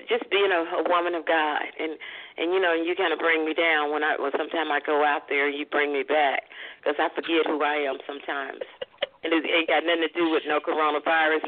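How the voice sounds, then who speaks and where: A woman turning sixty, co-hosting a casual chat show and rambling through birthday shout-outs, laughing often and restarting her sentences. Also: sits low. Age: 60s. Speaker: co-host. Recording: tinny phone line.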